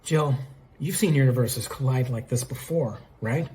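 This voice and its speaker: A man voicing a laid-back male agent with a relaxed, dry delivery. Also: medium pitch, normal speed, a little hiss or hum, lightly acted.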